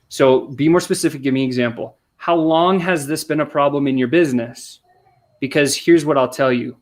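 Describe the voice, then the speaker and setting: An energetic man explains sales steps on a podcast. He talks in quick bursts, breaks off and restarts, and acts out customer replies in quoted voices. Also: medium pitch. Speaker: sales coach guest. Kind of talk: podcast conversation.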